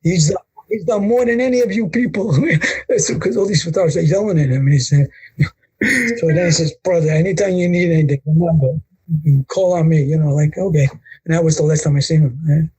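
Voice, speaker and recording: Older man telling lively stories, husky. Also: on the high side, brisk, poor audio. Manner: animated storyteller acting out quotes. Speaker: guest, wrestling photographer. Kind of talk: storytelling interview.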